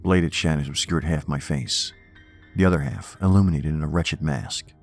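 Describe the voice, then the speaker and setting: A man narrating a first-person horror story in a measured, wry, reflective way. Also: very deep voice, steady tone. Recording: faint music bed under narration.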